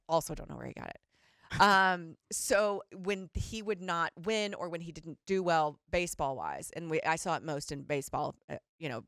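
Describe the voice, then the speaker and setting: A middle-aged woman co-hosting a podcast, talking in a candid, rambling, animated way and swearing casually. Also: sits low, dry recording, clean studio sound. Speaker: podcast co-host. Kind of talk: casual chat.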